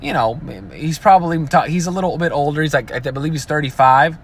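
A man's voice: fairly high pitch, fast talker, a little hiss or hum. A man ranting casually and profanely, often breaking into mocking imitations of other people. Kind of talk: casual rant.

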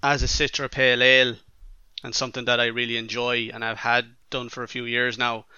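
Very bright, smooth Irish man. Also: medium pitch, flat delivery, brisk, no echo, muffled recording. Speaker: beer podcast co-host. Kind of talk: casual chat.

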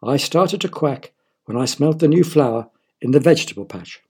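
A man's voice: on the high side, lively intonation, moderate pace, a little mellow, slightly rough. A man voicing an eager little girl.

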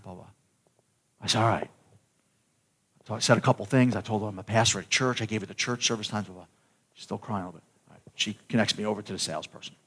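A man's voice: lowish voice, fairly bright tone, slightly rough. Man preaching a conversational sermon. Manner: conversational storytelling with repetitions and restarts. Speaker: pastor.

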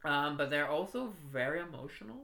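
A woman's voice: deep voice, animated, a little fast, vocal fry, fairly bright tone. A woman co-hosting a podcast, retelling a folk tale in a casual, giggly, rambling way. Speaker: podcast co-host.

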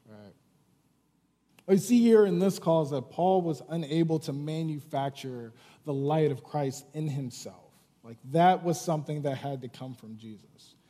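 Pastor, male, mellow tone, chatty sermon delivery, reverberant hall. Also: on the high side, normal speed. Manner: conversational preaching, frequent "right?" and fillers.

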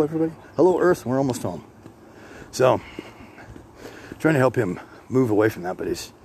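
A man's voice: fairly low pitch, creaky, darkish tone. A man hosting a podcast, walking outdoors, preaching in a blunt, profane, rambling monologue with a congested, drippy voice. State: congested, coughing from sinus drip. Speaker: podcast host. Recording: faint street and vehicle noise.

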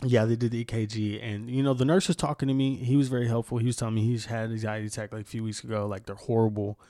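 A man's voice: mid-range voice, level tone, quick pace, mellow, dry recording. Young guy, swears a lot, rambles, dry close mic, mid voice. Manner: candid, profane, rambling. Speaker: podcast host. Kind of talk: casual storytelling chat.

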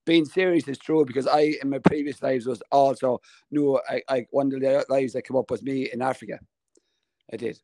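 An Irish man co-hosting a casual podcast chat, telling stories with animated energy and jumping high in pitch when amazed. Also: moderate pace, creaky, dry recording. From Ireland. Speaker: podcast co-host.

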